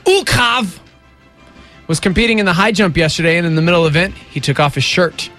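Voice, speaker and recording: A man's voice: a little high, fast, fairly bright tone, soft background music. A man co-hosting a casual morning radio show, jokey and playful, often slipping into silly voices.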